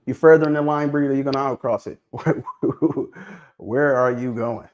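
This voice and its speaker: A mid-pitched man speaks in on a casual livestream. He is lively and keeps pressing his audience with repeated questions. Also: measured pace. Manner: animated, prodding viewers with questions, repeats himself. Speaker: livestream host discussing dog pedigrees.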